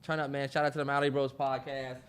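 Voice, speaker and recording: A man's voice: mid-range voice, fast talker, clean tone. A man co-hosting a podcast in casual chat, telling stories with joking put-on voices. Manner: animated, joking, slips into voices while storytelling. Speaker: podcast co-host.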